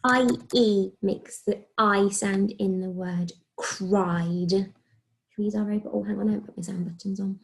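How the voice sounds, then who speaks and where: A woman with an English accent, a primary school teacher giving a recorded phonics lesson to young children, speaking slowly and clearly as she sounds out letters. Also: medium pitch, fairly even intonation. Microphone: recorded video lesson.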